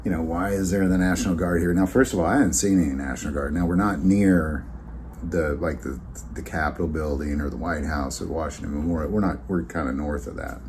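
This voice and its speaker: A man's voice: a bass voice, fairly even intonation, a little fast, darkish tone, slight background noise. A man hosting his own vlog, telling a story in a rambling, conversational way with many fillers and restarts. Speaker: channel host.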